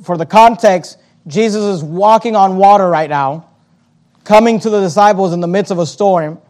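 A man with a very high-pitched voice preaches a sermon. He reads scripture aloud in old-fashioned wording, then explains it plainly and argues his point with emphasis. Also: normal speed, a little mellow.

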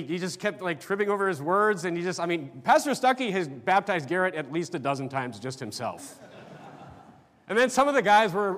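A middle-aged man from North Dakota gives a sermon, sharing personal memories in a casual, conversational way that halts with fillers and restarts. His voice is fairly high and fairly bright in tone. The long reverb of a large church hall carries his words.

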